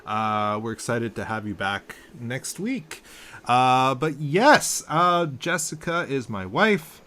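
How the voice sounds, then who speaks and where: Animated man hosting a podcast. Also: mid-range voice, slow pace, slight background noise. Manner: animated, rambling with many restarts. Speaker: podcast host. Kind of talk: casual podcast chat.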